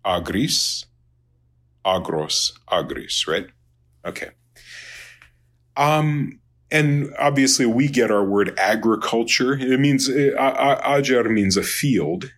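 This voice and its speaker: A man teaching a Latin lesson in an unscripted lecture, halting with many fillers and restarts and dry asides. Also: sits low, fairly bright tone. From Minnesota, United States.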